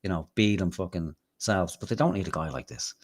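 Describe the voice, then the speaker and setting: Irish male host, very low voice, casual profane storyteller. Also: brisk. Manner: swearing, rambling anecdotes with acted-out quotes. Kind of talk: casual live-stream chat, storytelling.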